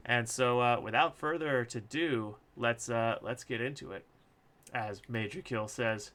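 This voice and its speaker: Male author-streamer, slow delivery, bright voice, casual and crude. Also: mid-range voice. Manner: casual and crude, joking asides. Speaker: author reading his own book. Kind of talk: live-streamed audiobook reading.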